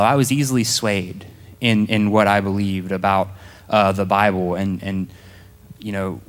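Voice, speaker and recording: A man's voice: on the low side, fairly bright tone, long reverb tail. A young man tells his personal testimony to a church congregation in a casual storytelling way. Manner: casual, storytelling, acts out his past self. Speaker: church speaker giving testimony.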